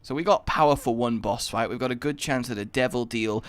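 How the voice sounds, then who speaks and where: A man's voice: medium pitch, fairly quick, no room sound. A young man giving rambling, self-mocking commentary while playing a video game. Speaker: gaming YouTuber. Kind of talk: Let's Play commentary.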